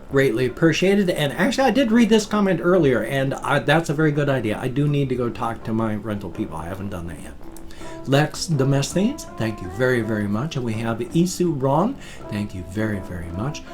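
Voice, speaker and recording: An older man chats casually in a rambling, homespun way, his voice sitting at an ordinary middle pitch. He often lets the ends of his sentences drop off softly. A faint bit of music plays quietly behind him. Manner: rambling, folksy, trailing off softly at line ends. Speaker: vlogger. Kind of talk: casual vlog monologue.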